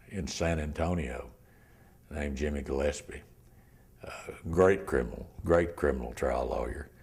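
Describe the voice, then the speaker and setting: An older man, a criminal defense lawyer telling his story in an oral history interview, halting and repeating words, often trailing off near a whisper. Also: a bass voice, creaky, darkish tone, slightly rough.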